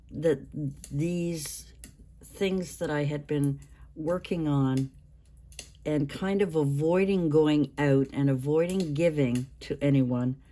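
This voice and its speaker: A woman in her sixties hosting a craft vlog, talking in a rambling, halting way with many restarts. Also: low-pitched, warm tone. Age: 60s. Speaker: craft channel host. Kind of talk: casual show-and-tell vlog.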